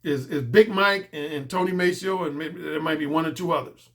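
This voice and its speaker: Male dating coach, high forceful voice, blunt and profane, hammers points by repeating them. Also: fairly quick. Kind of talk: blunt casual monologue.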